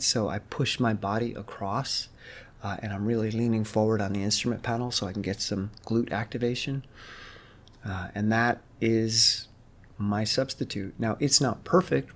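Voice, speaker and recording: A man's voice: on the low side, vocal fry. A man in his fifties, a fitness vlogger, talks to the camera in a casual, reflective way and thinks aloud. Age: 50s. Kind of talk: casual vlog monologue.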